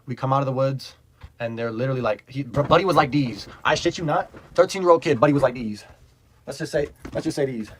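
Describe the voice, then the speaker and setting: A man's voice: mid-range voice, fast talker, slight background noise, poor audio. A young man telling a casual storytime, rambling and profane, full of "like", laughing as he goes. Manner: rambling, profane, heavy use of "like"; animated, laughs while telling.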